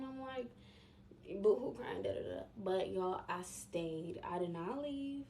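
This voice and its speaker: Young woman, slightly high voice, casual and emphatic storytime vlogger. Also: animated, a little slow, darkish tone, slight background noise. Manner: chatty and emphatic, addresses viewers directly.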